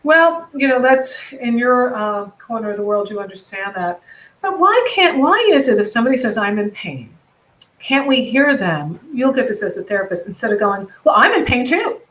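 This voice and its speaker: Woman, American, middle-aged, passionate, rambling, self-correcting, fairly high voice, video call. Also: very animated, moderate pace, a bit bright, low-quality recording. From United States. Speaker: comedian guest. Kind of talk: casual video-call conversation.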